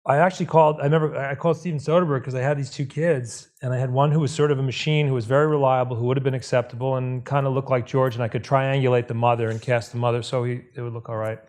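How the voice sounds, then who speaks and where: A man's voice: medium pitch, quick pace, few pauses. A man on a panel telling a rambling story, often breaking off and restarting. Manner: rambling, self-interrupting, animated. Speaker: film director, panelist. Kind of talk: panel discussion.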